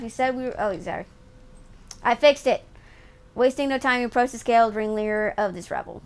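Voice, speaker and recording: Excitable woman streamer reading game text. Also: fairly high pitch, fairly quick, pauses often, clear, resonant tone, rough recording. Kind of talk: reading a game aloud while playing live.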